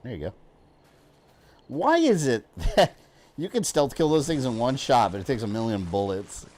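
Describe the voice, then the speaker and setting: A man's voice: medium pitch, big pitch swings, moderate pace, a little mellow. A man streaming a video game live, chatting casually with his viewers, rambling with lots of fillers and frequent laughs. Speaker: gaming streamer.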